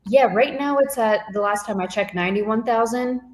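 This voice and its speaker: A woman guest analyst casually explaining market news in a relaxed way, with filler words. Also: on the high side, normal speed. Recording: echoey room sound.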